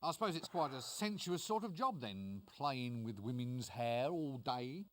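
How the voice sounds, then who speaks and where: Put-upon young wizard in a game, wry and chatty, voice swinging up and down. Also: male voice, medium pitch, animated, fairly bright tone. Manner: wry, chatty, quick retorts. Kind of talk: video game voice acting.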